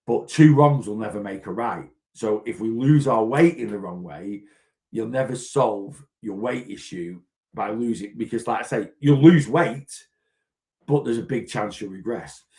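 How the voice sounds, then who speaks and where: A man's voice: medium pitch, gravelly. A man who coaches weight loss, chatting casually on a live Q&A and talking straight to the viewer, often checking in with "right?". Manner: animated, talks straight to the viewer, repeats himself, asks "right?". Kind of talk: casual live-stream advice chat.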